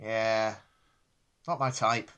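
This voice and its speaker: A man's voice: on the low side, fairly even intonation, drawn-out words, sharp tone, clear, resonant tone, muffled recording. A man co-hosting a podcast in casual chat, dry and self-deprecating, often restarting his sentences. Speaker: podcast co-host.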